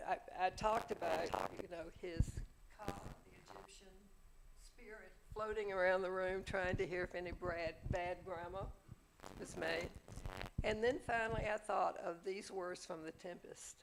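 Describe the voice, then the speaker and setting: An older woman telling a personal story on stage, slow and emphatic, rising into theatrical recitation. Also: on the low side, vocal fry, slight background noise, low-quality recording.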